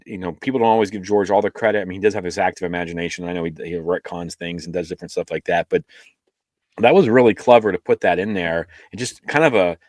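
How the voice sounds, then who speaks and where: Deep voiced guy, podcast cohost, rambly, lots of ums, dry close sound. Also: steady tone, fast talker, a little mellow, dry recording. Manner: rambling, many fillers and restarts. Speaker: podcast co-host. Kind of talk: casual chat.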